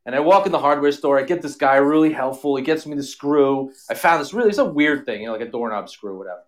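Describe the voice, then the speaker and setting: A man's voice: on the high side, animated, fast talker. A man in his forties, a podcast guest, telling a profane story in casual chat and acting out the other people's voices. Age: 40s.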